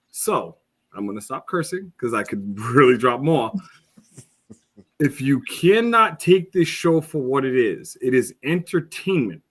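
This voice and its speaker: A mid-pitched man on a podcast launches into an impassioned, blunt rant. He swears freely and talks straight at his critics. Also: big pitch swings, unhurried, breathy edge. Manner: impassioned ranting, blunt and profane. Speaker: podcast co-host. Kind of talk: casual podcast discussion.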